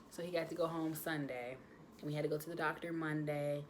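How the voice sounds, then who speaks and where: A young adult woman, chatting casually to her viewers, animated with lots of fillers. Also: low voice, fairly quick, a little hiss or hum. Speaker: vlogger, new mother.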